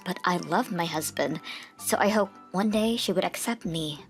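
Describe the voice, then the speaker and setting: Young woman telling a manga story, earnest tone, soft music behind. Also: fairly low pitch, moderate pace. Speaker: narrator. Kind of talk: scripted manga dub narration.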